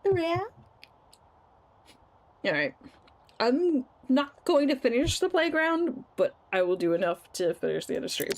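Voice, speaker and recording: Giggly woman streamer with a lively voice. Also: high voice, unhurried, long pauses. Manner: giggly, playful, teasing. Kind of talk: casual gameplay commentary.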